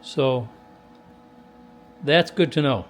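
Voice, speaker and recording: A man's voice: medium pitch, drawn-out words, slight background noise. A man in a radio workshop giving casual commentary to a camera while testing and tuning a radio, in a folksy, chatty way. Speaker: CB radio technician.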